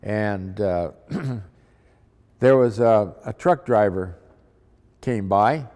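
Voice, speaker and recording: A man's voice: lowish voice, drawn-out words, darkish tone. A man, a missionary, telling a testimony story in a folksy, dramatic way. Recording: long hall reverb.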